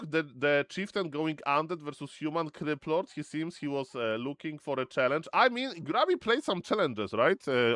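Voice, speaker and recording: A man casting a strategy video game match, excitable and fond of repeating catchphrases to his audience. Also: fairly high pitch, dry recording, studio quality. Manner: excitable, repeats catchphrases, addresses "ladies and gentlemen". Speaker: game caster. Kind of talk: excited esports commentary.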